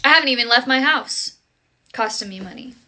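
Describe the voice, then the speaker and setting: A woman's voice: high-pitched, expressive, brisk, noisy background. A woman ranting in an exasperated, sarcastic way in a vlog.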